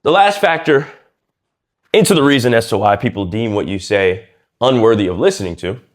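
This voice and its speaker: A man coaching viewers on speaking, casual and lively, acting out quiet and loud ways of talking and using slang as he goes. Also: fairly low pitch, fairly quick. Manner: lively and demonstrative, acts out quiet and loud speech. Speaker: communication coach. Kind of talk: casual instructional talk to camera.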